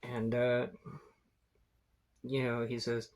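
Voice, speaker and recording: Man, game master, slow pace, middle pitch, rambling, casual swearing. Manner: rambling, laid-back, with fillers and swearing. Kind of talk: narrating a tabletop game.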